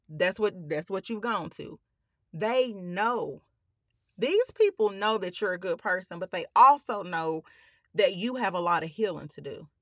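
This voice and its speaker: Fighting back tears, a female podcast host tells her own story in blunt, emphatic language, cursing frequently and addressing her audience as y'all. Her mid-range voice has a fairly bright tone, recorded at studio quality with no room sound.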